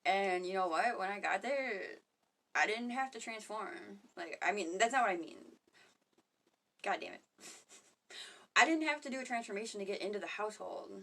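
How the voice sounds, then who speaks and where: A woman talking casually to camera in a rambling, profane monologue about spirituality, often laughing and getting loud when she quotes others. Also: mid-range voice, lively intonation, moderate pace, vocal fry, pauses often, recorded from a distance. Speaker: spiritual vlogger.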